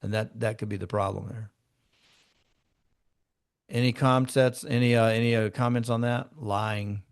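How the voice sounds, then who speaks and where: A man's voice: medium pitch, level tone, unhurried, vocal fry. Conversational man teaching a room of agents. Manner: conversational, acts out client dialogue in shifting tones. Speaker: real estate broker leading a training session. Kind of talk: instructive storytelling to a group.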